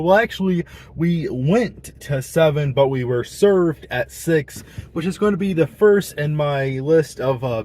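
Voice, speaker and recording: A man's voice: medium pitch, a little mellow. A young man, chatting casually and rambling to camera in a vlog, full of slang and restarts. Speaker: vlogger.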